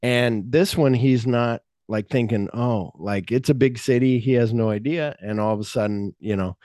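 A podcast host with a medium-pitched, slightly mellow voice talks at a moderate pace, recorded in studio quality with no echo. In a casual film discussion, he retells movie scenes and acts out the lines he quotes.

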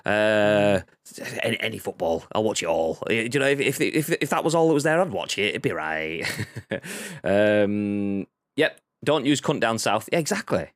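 A man's voice: on the low side, lively intonation, moderate pace, dry recording, clean studio sound. A man co-hosting a casual live-streamed podcast, rambling, swearing freely and reading chat messages aloud. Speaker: podcast co-host.

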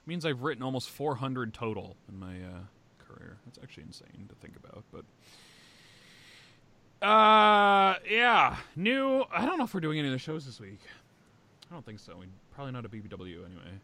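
A man hosting a podcast in casual chat, animated and swearing, with big swings in pitch. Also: normal speed. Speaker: podcast host.

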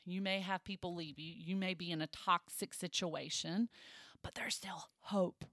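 A woman co-hosting a casual chat, telling a story with lively swings and high put-on voices. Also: normal speed, no echo, clean studio sound. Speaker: podcast co-host.

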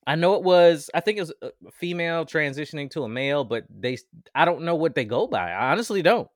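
A man's voice: a little high, lively intonation, fast, no echo, clean studio sound. A man co-hosting a podcast, talking frankly and animatedly in casual chat, with some swearing. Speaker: podcast co-host.

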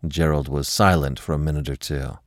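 A man narrating a classic story in a measured, expressive reading. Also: a bass voice, dry recording, clean studio sound.

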